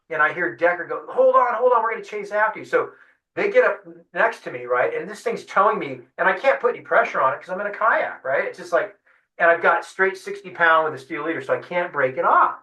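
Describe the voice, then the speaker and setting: A man, a fishing guide, telling a lively story in an interview, acting out what people said. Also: fairly high pitch. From San Diego. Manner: animated storyteller acting out quotes. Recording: echoey room, distant mic.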